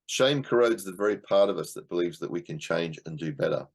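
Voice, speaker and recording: Low-voiced man leading a book class. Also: animated, a little fast, vocal fry, husky. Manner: conversational, repeats words, acts out quotes, laughs easily. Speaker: class leader discussing a book. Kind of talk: casual teaching talk to an online class.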